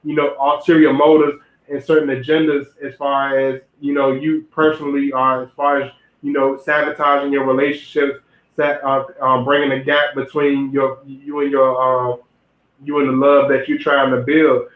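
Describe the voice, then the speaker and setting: A man's voice: mid-range voice, little pitch movement, moderate pace. A young man hosting a livestream, giving rambling zodiac relationship advice and talking straight to his chat. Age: young adult. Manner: rambling, repeats and restarts phrases, addresses chat directly. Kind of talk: casual livestream talk to viewers. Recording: roomy, phone-like lo-fi audio.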